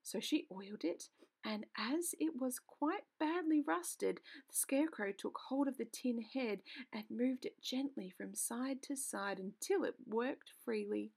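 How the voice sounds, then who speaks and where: A woman narrating a children's book aloud in an expressive storytelling manner, with occasional stumbles. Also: on the high side, measured pace, vocal fry, husky.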